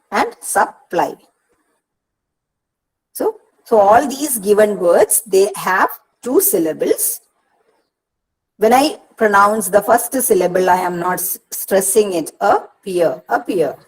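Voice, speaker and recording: A woman with an Indian English accent speaks at a deliberately slow pace. She explains poetry step by step in an online counselling lecture. She often says "see" and repeats herself as she teaches. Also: fairly low pitch, a little mellow, low-quality recording.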